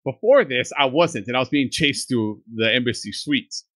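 A man's voice: mid-range voice, animated, normal speed, fairly bright tone. A man co-hosting a podcast, casually retelling a TV episode and acting out the characters' lines, laughing often. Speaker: podcast co-host recapping an episode. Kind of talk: casual chat.

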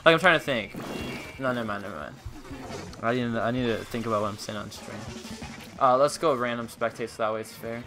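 A man's voice: medium pitch, fairly quick, over music. A man streaming and commentating a video game live in a playful, joking, rambling way.

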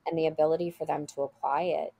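This is a woman who guides children at a school, telling a story in an interview. She talks in an earnest, heartfelt way and repeats phrases to drive a point home. Her voice sits low and has a gravelly edge. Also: steady tone, fast, mellow.

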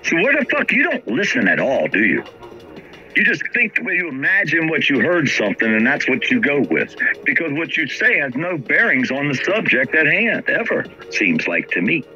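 A man's voice: on the high side, huge pitch swings, moderate pace, pushed and bright. A man hosting a livestream who argues with a caller in a combative, profane, insulting way. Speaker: livestream host. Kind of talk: heated call-in argument. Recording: dull lo-fi stream audio with faint music.

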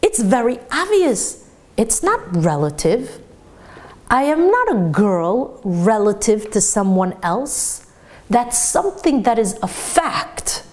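A woman with a somewhat high voice teaching a Torah lesson in a sermon style. She tells her stories in a lively way and laughs along the way.

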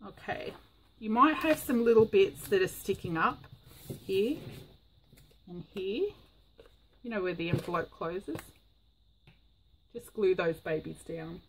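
A woman's voice: medium pitch, takes it slowly, pauses often, a little hiss or hum, rough recording. A woman vlogging a casual crafting tutorial, chatty and rambling with frequent ums.

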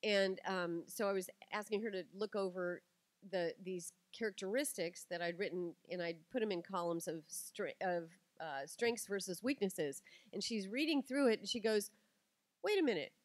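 A middle-aged woman tells stories to a live audience and acts out each quoted line with energy. Her pitch sits in a medium range, and the recording is dry and close. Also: moderate pace, dry recording. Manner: animated storytelling, acts out quotes. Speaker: speaker giving a talk. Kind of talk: lively talk to an audience.

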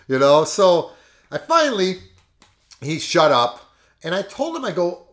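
A man hosting a podcast, telling a coaching story in a lively, emphatic way and laughing often. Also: high-pitched, brisk. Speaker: podcast host and fitness coach. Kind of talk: casual storytelling.

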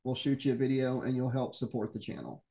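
A man's voice: medium pitch, big pitch swings, fast, gravelly, dark tone. A man co-hosting a casual horror podcast, joking and easygoing while plugging support links. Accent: regional accent. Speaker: co-host.

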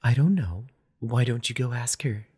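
A woman's voice: rumbling low, moderate pace, a little mellow, husky, voice pushed up, full character voice. A man voicing a cold, confident young woman who teases and challenges without emotion. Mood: taunting.

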